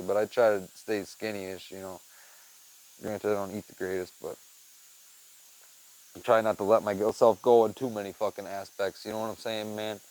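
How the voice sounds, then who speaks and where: A young man chatting casually on his own, rambling and swearing, dropping to mumbles and then getting loud. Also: fairly low pitch, fairly even intonation, normal speed, poor audio. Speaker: podcast host. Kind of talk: casual solo chat.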